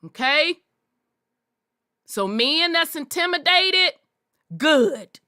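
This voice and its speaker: High-voiced woman preaching hard, profane. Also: lively intonation, slow pace, bright, forceful tone, no echo, clean studio sound. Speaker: podcast host. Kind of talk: impassioned podcast monologue.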